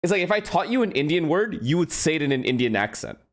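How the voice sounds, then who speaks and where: A man's voice: on the high side, fast. Casual male streamer chatting to his viewers. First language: Gujarati. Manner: rambling, animated, swears casually. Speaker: streamer hosting a watch party.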